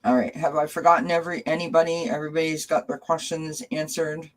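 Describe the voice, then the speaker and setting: A woman's voice: deep voice, steady tone, quick pace. A woman hosting a casual live tarot stream from home, chatting affectionately with viewers by name. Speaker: tarot reader and channel host.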